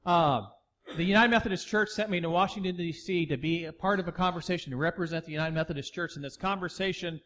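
A middle-aged pastor preaching a sermon, telling a story and acting out the dialogue before building to emphatic preaching. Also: male voice, high-pitched, fast talker, a bit bright.

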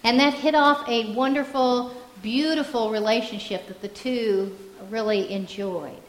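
A woman's voice: a little high, steady tone, a little slow, reverberant, in a large hall, low-quality recording. A woman pastor telling a story during a sermon, reflective and earnest.

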